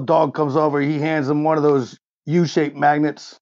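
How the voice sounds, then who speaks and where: A man's voice: on the high side, normal speed, hardly any pauses, darkish tone, no echo. A man in his forties running a tabletop game as game master, laid-back and joking. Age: 40s. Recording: dull lo-fi dry mic.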